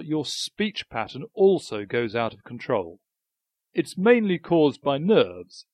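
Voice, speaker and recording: Measured man reading a script. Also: a little high, no echo. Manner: measured, deliberate delivery with emphatic pauses. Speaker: newsletter presenter. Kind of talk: scripted narration.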